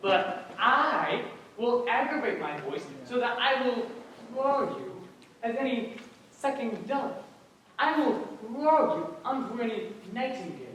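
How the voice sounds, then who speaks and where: Guy playing a show-off ham of a weaver, high voice that leaps all over, echoey stage miked from far back. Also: animated, unhurried, a little hiss or hum, full character voice. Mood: boastful. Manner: loud, showy, swooping delivery. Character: boastful hammy male weaver, eager to play every part. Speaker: stage actor. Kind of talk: stage play performance. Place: theater stage.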